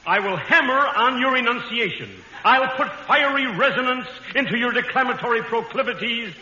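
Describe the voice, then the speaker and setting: A man's voice: extremely high pitch, bright, forceful tone, lo-fi sound, a little hiss or hum, exaggerated voice. An actor playing a pompous, long-winded male professor of public speaking in an old radio comedy, broadcast from a hall.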